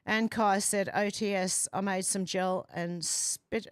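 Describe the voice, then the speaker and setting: A woman's voice: mid-range voice, fairly even intonation, slow, clear, resonant tone, no echo, clean studio sound. A woman hosting a casual livestream from home, reading viewer comments aloud in a chatty, amused way. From Australia. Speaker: livestream host reading chat. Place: home, doors and windows open.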